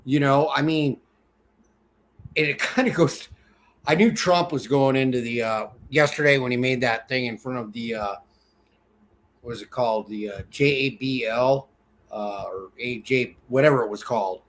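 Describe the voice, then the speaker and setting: A man co-hosting a casual political chat, rambling and halting with many fillers and restarts. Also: medium pitch, a little hiss or hum. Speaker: podcast co-host.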